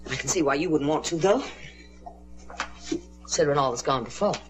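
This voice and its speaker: An actress playing a nagging middle-aged aunt in a 1950s television drama, falsely sweet and needling. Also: female voice, low-pitched, animated, fairly quick, loud music behind the voice.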